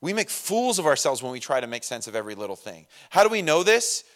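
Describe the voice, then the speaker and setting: A young man preaching a sermon in a casual, animated way, acting out quick voices of the people in his story. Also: fairly high pitch. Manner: animated, acts out voices of disciples and Jesus. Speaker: pastor.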